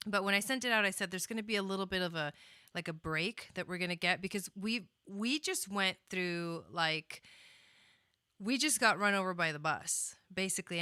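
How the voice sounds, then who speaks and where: A woman's voice: lowish voice, bright, forceful tone, clean tone, no echo, clean studio sound. Chatty woman astrologer on a livestream. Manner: chatty, rambling, frequent fillers and restarts; greets viewers by name, laughs often. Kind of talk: casual livestream chat.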